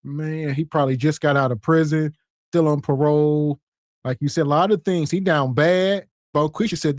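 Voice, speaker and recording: A man's voice: a little high, fairly even intonation, normal speed, no room sound, studio quality. A man hosting a podcast, joking about a video clip in a laid-back way and chuckling as he talks. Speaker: podcast host. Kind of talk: casual commentary on a video clip.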